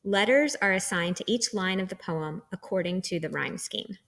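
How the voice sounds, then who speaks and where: A woman's voice: medium pitch, moderate pace, creaky, fairly bright tone. Patient woman teaching a lesson. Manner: patient, explains step by step. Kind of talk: recorded lecture.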